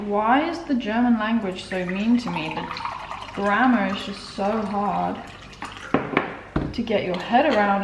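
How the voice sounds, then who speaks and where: A woman's voice: mid-range voice, slight background noise, poor audio. A young woman, chatting casually in a home vlog and sounding out German words as she corrects herself. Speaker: vlogger. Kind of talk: casual study vlog narration. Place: home bedroom, indoors.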